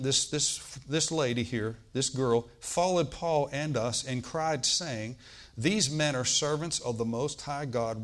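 A man preaching a sermon, reading scripture aloud and explaining it in a conversational way, often checking in with the congregation and rising in pitch and volume on key points. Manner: rises in pitch and volume on emphatic points, trails off quietly. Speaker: pastor.

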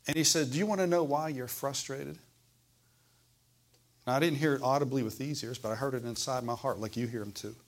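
A man preaching a sermon in a church service, asking the congregation questions and swinging between loud and hushed delivery. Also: medium pitch, fairly quick. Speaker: pastor.

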